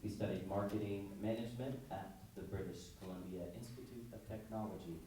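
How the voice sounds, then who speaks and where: A male emcee reads a speaker introduction in a formal, measured way. His voice comes from far off, heavily echoed, with faint noise underneath. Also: fairly low pitch, fairly even intonation, dark tone. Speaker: event emcee. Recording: echoey hall, distant mic, faint noise.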